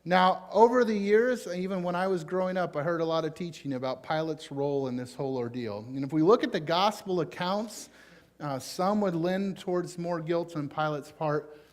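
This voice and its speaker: High-voiced Southern pastor preaching. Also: male voice, normal speed. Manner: folksy, informal, with frequent fillers. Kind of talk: conversational sermon.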